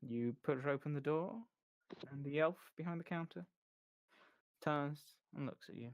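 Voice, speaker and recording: A game master narrating a tabletop game in a calm, wry manner. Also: mid-range voice, moderate pace, no room sound, dull audio.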